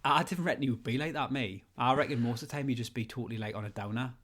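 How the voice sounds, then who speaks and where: A man of middle pitch co-hosts a comedy podcast. He banters casually, swears freely and laughs at his own jokes. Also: rapid-fire, fairly bright tone. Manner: joking, sweary, laughs often. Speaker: podcast co-host.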